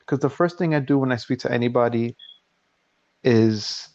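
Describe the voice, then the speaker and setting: A man's voice: mid-range voice, moderate pace, darkish tone, no room sound. Guy in his 40s on a podcast, talking casually, tells stories and plays out both sides of an argument, muffled dry audio. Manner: storytelling, acting out both sides of a quarrel. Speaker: podcast host. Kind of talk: casual chat. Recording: dull, dry lo-fi recording.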